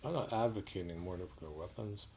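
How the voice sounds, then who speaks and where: A man delivering an indignant, sarcastic political commentary monologue, halting with frequent restarts. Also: sits low, vocal fry, warm tone, slight background noise, low-quality recording.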